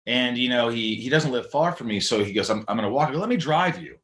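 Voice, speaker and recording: Guy on a podcast telling a story, lively, does little voices for people, normal mid-pitch voice. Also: quick pace, roomy sound. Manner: animated, acts out quoted voices. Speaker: podcast guest. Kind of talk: casual storytelling conversation.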